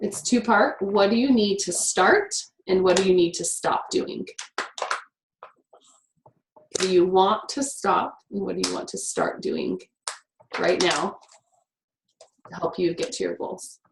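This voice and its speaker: A woman's voice: fairly low pitch, animated, vocal fry. Upbeat woman teaching a class. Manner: upbeat, chatty, quick with many "like" fillers. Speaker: workshop teacher. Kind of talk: guiding a class through writing prompts. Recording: echoey room with faint noise.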